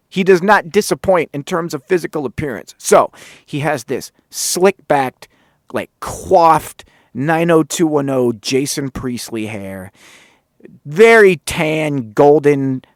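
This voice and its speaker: A man hosting a podcast, telling a story in a casual, animated, profane and sarcastic way. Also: medium pitch, no echo, studio quality. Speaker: podcast host.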